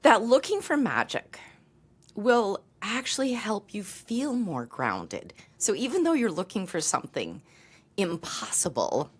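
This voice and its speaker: A woman in her fifties talking earnestly to camera as a vlogger, reflective and heartfelt, with soft laughs. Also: mid-range voice, very animated, measured pace, husky. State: briefly tearful. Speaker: lifestyle vlogger.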